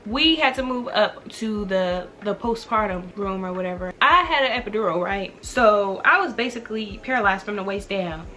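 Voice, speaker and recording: Animated young woman telling a story. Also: mid-range voice, normal speed, hardly any pauses, a little hiss or hum. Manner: animated, quotes herself in reenacted dialogue. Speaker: vlogger. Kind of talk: casual storytime.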